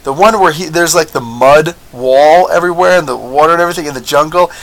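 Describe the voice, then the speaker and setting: A man talking through a TV episode review in an easy, casual way. His voice sits a bit higher than most men's and gets excitable, full of fillers and quick laughs. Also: poor audio. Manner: excitable, chatty, lots of fillers, laughs often. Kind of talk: casual video review commentary.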